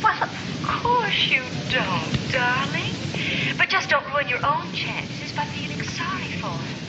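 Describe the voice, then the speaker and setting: A woman's voice: high voice, big pitch swings, slow, exaggerated voice. Sugary Southern sorority mother. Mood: coaxing. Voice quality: sweet, tactful, honeyed twang. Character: sugary manipulative middle-aged sorority mother. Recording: dull hissy old film audio.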